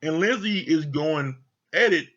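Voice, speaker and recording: A man's voice: a little high, animated, unhurried, a bit bright, dull audio. A man giving a casual, candid recap of a reality show, swearing freely and acting out what the cast said. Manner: candid, profane, retells scenes with quoted voices. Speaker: show reviewer.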